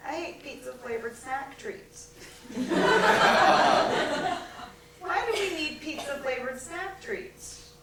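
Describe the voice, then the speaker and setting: A woman's voice: high voice, expressive, takes it slowly, gravelly, long pauses, very noisy, heavily acted. A woman performing a bitter, neurotic grown daughter in a one-woman stage musical, singing and delivering a self-mocking comic monologue. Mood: sardonic. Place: theater stage. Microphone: distant stage recording. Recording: echoey live theater recording from far off.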